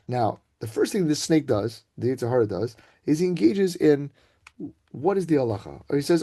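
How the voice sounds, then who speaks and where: A man giving an informal Torah talk to students over a video call, chatty and conversational, often checking in with a quick "right?". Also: medium pitch, animated, warm tone. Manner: casual, conversational, keeps asking "right?".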